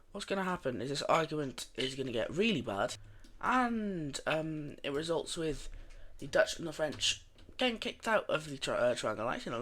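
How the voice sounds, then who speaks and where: Young male YouTube narrator, mid pitch, casual and rambling, full of fillers. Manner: relaxed, rambling, many fillers and restarts. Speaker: mapping video narrator.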